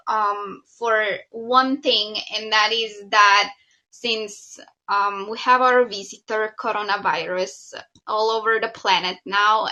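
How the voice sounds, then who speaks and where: A woman co-hosting a podcast with her partner in relaxed casual chat, often pausing on "um". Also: a little high, highs cut off. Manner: relaxed, with frequent "um" fillers. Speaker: podcast co-host.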